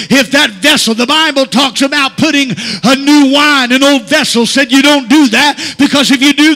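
A man's voice: very high voice, sharp tone. A male pastor preaching a Pentecostal sermon, punctuating phrases with "uh" and calling out for amens. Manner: preaching with frequent "uh" fillers and calls for amen. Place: church sanctuary. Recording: long church hall reverb.

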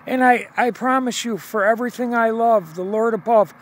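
A man's voice: extremely high pitch, moderate pace. A man filming outdoors at night on his phone camera, talking to viewers in an insistent way, repeating himself and stumbling over restarts. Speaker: video blogger. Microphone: phone camera held while filming.

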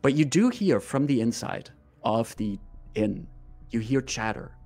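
A man as game master, narrating a tabletop game with vivid, unhurried scene-setting description. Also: mid-range voice, animated, a little mellow, faint music behind.

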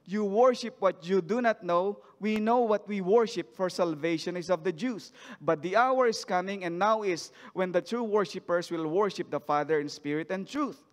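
Male preacher, high voice, reading scripture and questioning the church, long hall reverb. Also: normal speed, hardly any pauses. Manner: reads scripture then asks the congregation questions. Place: church sanctuary.

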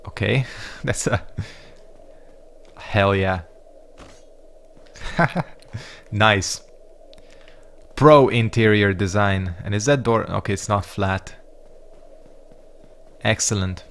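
A man's voice: lowish voice, very slow, long pauses, a little hiss or hum. A man giving casual let's-play commentary, rambling and reacting to the game with frequent swearing. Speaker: gaming YouTuber.

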